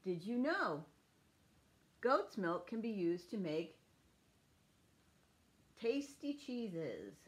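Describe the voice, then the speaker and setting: A woman preschool teacher reading a picture book aloud to children in a clear, sing-song teaching voice. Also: mid-range voice, big pitch swings, drawn-out words, long pauses.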